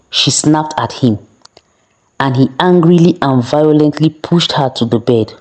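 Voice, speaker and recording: A woman storyteller narrating a folktale in a steady, plain way with the odd small restart. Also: low voice, a little slow, poor audio.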